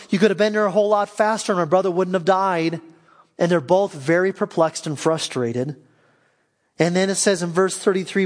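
High-voiced man preaching a sermon. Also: big-room sound. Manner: reads verses slowly then asks questions with rising emphasis. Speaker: guest pastor. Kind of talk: sermon reading scripture.

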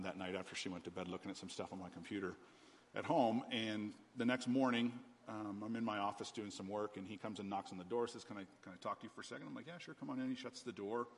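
Candid pastor in a reverberant hall. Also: male voice, lowish voice. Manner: candid, conversational, many um fillers. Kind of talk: personal testimony in a sermon. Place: church auditorium. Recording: church hall reverb, faint ambience.

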